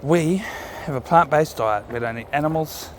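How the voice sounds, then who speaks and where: A man's voice: on the high side, normal speed, slight background noise. Rambling New Zealand man on a walk. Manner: rambling, self-correcting, talks to his dog. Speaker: vlogger walking his dog. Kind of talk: casual walking vlog chat. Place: outdoor riverside trail.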